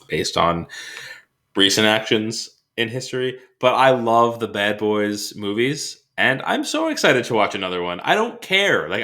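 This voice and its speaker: A man's voice: mid-range voice, sharp tone. A man co-hosting a film podcast in casual chat, enthusiastic and full of filler words. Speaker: podcast co-host.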